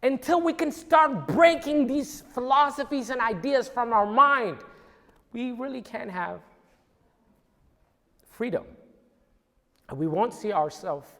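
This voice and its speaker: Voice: medium pitch, fairly bright tone. A speaker giving an earnest, emphatic church history lesson in a church hall. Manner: earnest, emphatic, with some restarts. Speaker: church teacher. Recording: long hall reverb.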